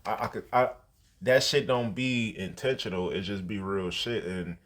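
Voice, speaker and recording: A man's voice: lowish voice, fairly even intonation, moderate pace, a bit bright, a little hiss or hum. A man, hosting a podcast and telling a story in casual, slangy, profane talk. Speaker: podcast host.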